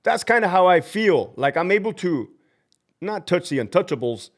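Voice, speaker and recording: Speaking at a moderate pace in a sing-song voice, a man livestreams as a prison guard, blunt, fired-up and cursing freely. He brings quoted people to life with big leaps in pitch.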